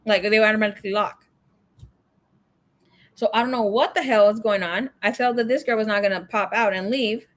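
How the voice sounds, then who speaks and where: A woman's voice: mid-range voice, fairly even intonation, fairly quick, long pauses. A young woman hosting a tarot livestream, telling stories in a frank, profane, chatty way and slipping into Spanish phrases. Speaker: tarot reader livestream host. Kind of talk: casual storytelling chat.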